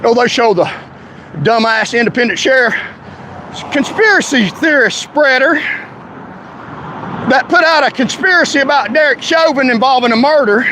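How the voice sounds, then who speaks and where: A man's voice: very high voice, animated, moderate pace, pauses often, bright, forceful tone, a little hiss or hum, rough recording. A man in a heated, indignant, confrontational rant straight to his followers. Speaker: vlogger ranting to followers. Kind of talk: angry direct-to-camera rant.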